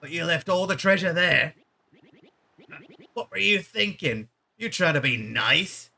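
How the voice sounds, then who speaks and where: A man's voice: a little high, animated, a little slow, vocal fry, pushed and bright, full character voice. Man putting on a pompous cowardly leader. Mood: scolding. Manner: theatrical, self-important, dramatic. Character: pompous cowardly male leader, grandiose and vain.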